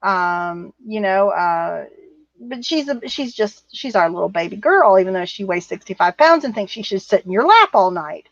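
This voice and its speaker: A woman's voice: mid-range voice, lively intonation, moderate pace, dull audio. A woman co-hosting a casual livestream, chatting and reading viewer comments in a rambling, easily amused way. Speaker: livestream co-host. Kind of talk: casual live-stream chat reading comments.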